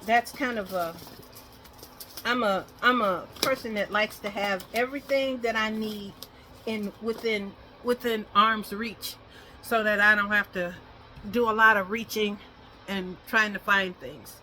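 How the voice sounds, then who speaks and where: Chatty woman with a bright voice. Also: mid-range voice, fairly even intonation, a little slow, a little hiss or hum. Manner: chatty and rambling, coaxing baby talk to the dog. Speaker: dog owner vlogger. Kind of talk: casual home vlog, talking while grooming her dog.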